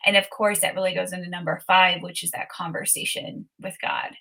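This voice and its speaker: A woman's voice: fairly low pitch, level tone, fairly quick, creaky, sharp tone, poor audio. A woman author and coach, a podcast guest, earnestly walking through a step-by-step process and speaking prayers aloud. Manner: Christian faith talk. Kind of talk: casual interview talk.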